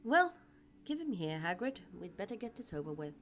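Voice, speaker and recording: A woman's voice: mid-range voice, big pitch swings, normal speed, a little hiss or hum, lightly acted. A woman reading aloud and voicing a stern, worried older female professor in a clipped, anxious way, on a dull lo-fi recording with faint music. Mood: hushed.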